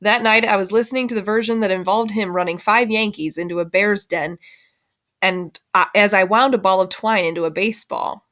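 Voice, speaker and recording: A woman's voice: mid-range voice, fairly even intonation, a little fast, fairly bright tone. A woman, a teacher, reading a novel aloud expressively and voicing the characters.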